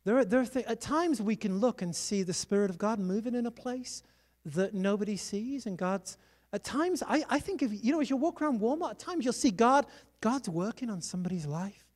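A preacher delivering a sermon, telling personal stories and urging listeners on with quick asides. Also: mid-range voice, lively intonation, darkish tone. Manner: exhorting, storytelling, quick asides.

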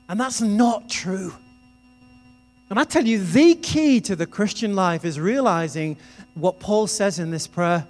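A man's voice: sits high, lively intonation, unhurried, a little mellow. A man preaching a sermon in a conversational, storytelling way. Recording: reverberant hall with music behind.

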